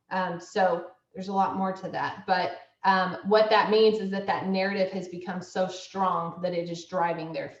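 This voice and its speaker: A woman school counseling director giving a conversational presentation to parents. She acts out inner thoughts as quoted asides and checks in with her listeners. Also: medium pitch. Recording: distant, roomy, dull audio.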